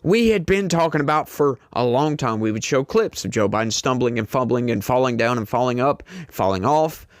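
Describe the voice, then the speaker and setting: A man's voice: mid-range voice, animated, a little fast, hardly any pauses, no echo, clean studio sound. A man delivering indignant, emphatic political commentary and repeating his points to his audience.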